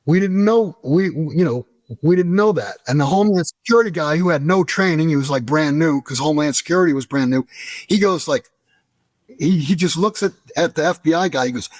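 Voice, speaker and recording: A middle-aged American man telling a story as an interview guest, animated and profane, acting out the dialogue. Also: on the high side, normal speed, no room sound. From United States.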